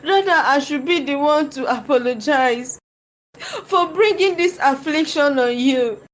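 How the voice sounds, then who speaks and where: A woman's voice: sits high, expressive, a little slow. A woman voicing a loving, guilt-ridden mother in a cartoon drama, soothing and pleading. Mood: tender pleading.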